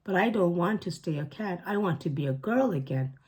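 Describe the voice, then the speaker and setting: A woman's voice: on the low side, lively intonation, brisk, darkish tone, close to an everyday voice. A woman doing a girl stuck as a cat. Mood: earnest. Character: girl trapped in a cat's body.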